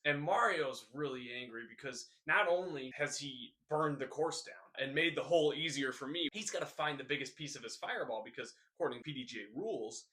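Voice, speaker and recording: A young man hosting a scripted news recap with deadpan, jokey asides and rambling tall tales. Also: mid-range voice. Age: young adult. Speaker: host.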